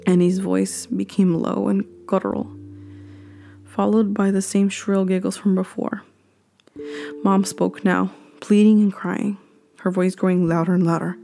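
A woman reading a horror story aloud, slow and hushed, sometimes dropping to a whisper. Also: medium pitch, little pitch movement, vocal fry, faint music behind.

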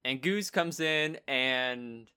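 A man in his twenties hosting a podcast, chatting casually in a relaxed way about a series he reviews. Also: mid-range voice, very slow, smooth. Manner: relaxed, chatty, trails off and restarts. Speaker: podcast host.

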